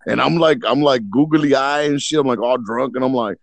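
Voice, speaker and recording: A man's voice: medium pitch, fairly quick, gravelly, dry recording. Profane rambling male storyteller, dry sound. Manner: rambling, profane, acts out voices in his stories. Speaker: podcast co-host. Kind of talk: casual storytelling.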